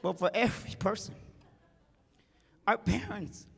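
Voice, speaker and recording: A man's voice: high-pitched, measured pace, creaky. A man giving a heartfelt speech at a conference, telling a family story with emotion and acting out the quoted voices. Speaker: conference speaker. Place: conference hall stage. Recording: large hall reverb.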